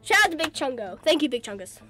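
A woman doing casual gaming commentary, excitable and slangy, squealing at her wins. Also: sits high, quick pace, soft background music. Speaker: gaming video creator.

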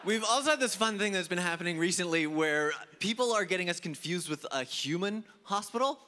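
High, lively stand-up comedian, exasperated. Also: male voice, brisk. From Africa. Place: comedy club stage before a live audience. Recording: live club set with loud audience and noise.

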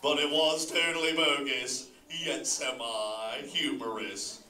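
A man speaks slowly at medium pitch over slight background noise, voicing a chill surfer-dude sea turtle dad who peppers everything with "dude" and laughs often. He talks directly to a live audience, stoked and laid-back yet lively, and his voice comes from far off in a hall full of echo.

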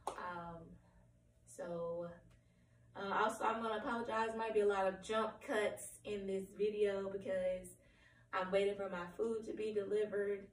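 A woman with a hoarse, cracking voice giving a candid personal update at home, rambling and apologetic with many ums. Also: medium pitch, little pitch movement, measured pace, slight background noise. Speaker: vlogger. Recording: roomy, distant from the mic, faint room ambience.

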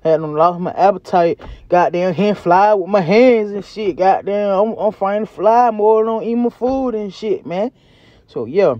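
High-voiced man, profane rambling vlog. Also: measured pace, darkish tone, no room sound, muffled recording. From Southern United States. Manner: loose, profane, rambling street slang. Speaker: vlogger. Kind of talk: casual food review vlog. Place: outdoors by a back door.

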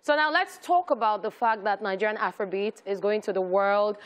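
A woman's voice: medium pitch, brisk. A woman co-hosting an interview, upbeat and encouraging as she leads the questions. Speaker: interview co-host. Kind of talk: casual interview chat.

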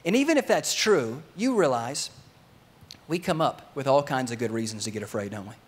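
A man preaching a sermon to his congregation, telling a story with lively energy and sometimes acting out the voices of its characters. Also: medium pitch, fairly quick, slightly rough. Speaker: pastor.

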